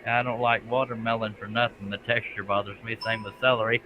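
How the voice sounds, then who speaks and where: A man's voice: lowish voice, level tone, fairly quick, highs cut off, slight background noise. A man hosting a casual late-night live stream, folksy in his talk. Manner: folksy, says "by God" and "Amen".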